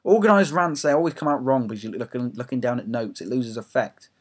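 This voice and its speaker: A man's voice: medium pitch, fast talker. Young English man, home audio blog, rambling football rant, sweary and self-deprecating. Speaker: football fan blogger.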